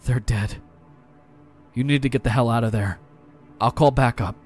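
A man's voice: mid-range voice, normal speed, faint music behind, close to an everyday voice. A man doing a terse male radio operator. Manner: terse, urgent orders. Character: calm adult male radio operator guiding a soldier.

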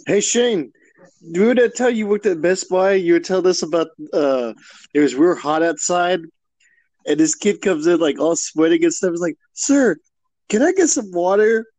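A man's voice: on the high side, moderate pace, darkish tone, dry recording, low-quality recording. A man in casual chat, teasingly retelling a friend's story.

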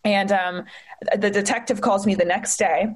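A young woman telling a personal story in conversation, candid and halting, with many fillers and restarts. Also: mid-range voice, fairly even intonation. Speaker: guest.

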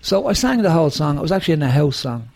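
Gravelly Dublin man, swearing storyteller. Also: on the high side, rapid-fire. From Ireland, Dublin. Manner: profane, animated storytelling, frequent "you know". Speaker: musician guest. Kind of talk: casual conversation, storytelling.

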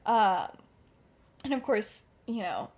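A woman's voice: medium pitch, very animated, slow, darkish tone. A woman casually telling a story on a podcast, chatty and giggly, with many filler words. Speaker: podcast co-host.

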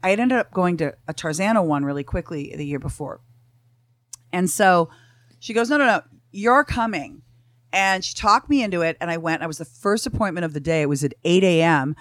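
A woman's voice: on the low side, fairly quick, dry recording, clean studio sound. A middle-aged woman, a guest in a casual chat, telling a story bluntly with lots of swearing and acted-out dialogue.

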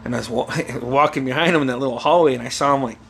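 A young man telling a family story in casual chat, swearing freely and bursting into loud acted-out quotes and laughter. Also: medium pitch, very fast, vocal fry, a little hiss or hum. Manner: animated storyteller, swears a lot, acts out quotes loudly with laughter.

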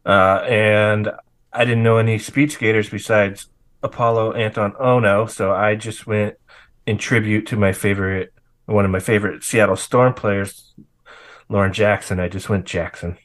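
A man's voice: fairly low pitch, fairly even intonation, normal speed, a bit bright. A man, a sheepish, self-deprecating quiz contestant chatting casually. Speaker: game show contestant. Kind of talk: casual chat.

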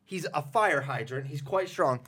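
Animated storytelling man, slightly high voice. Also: normal speed, husky. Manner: storytelling, animated, laughing often. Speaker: host. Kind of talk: casual chat.

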